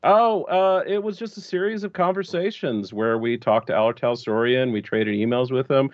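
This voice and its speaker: A man's voice: medium pitch, normal speed, dry recording, dull audio. A man, a guest talking casually over a video call about running live-action events. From Texas. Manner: relaxed, chatty, with fillers. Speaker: guest, larp designer.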